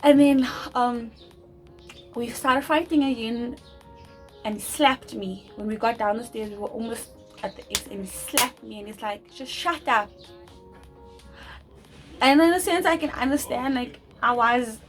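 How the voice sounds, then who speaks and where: A young woman telling a personal story to camera, talking loud and fast with many restarts. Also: on the high side, music in the background, poor audio. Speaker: vlogger.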